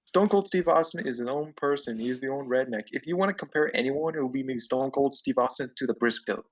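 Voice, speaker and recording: A man pushes his side of a casual podcast debate, insistent and rambling. He sits back from the mic, and the sound is dull and muffled. His pitch sits mid-range. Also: brisk, far from the mic. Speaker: co-host debating wrestlers.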